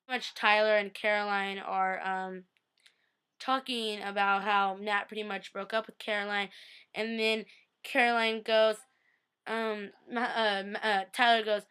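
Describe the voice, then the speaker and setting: A woman's voice: mid-range voice, steady tone, a little slow, bright, forceful tone, clean tone. A young woman recapping a TV episode for her vlog in a gushing, chatty way, full of "like" and "I was like".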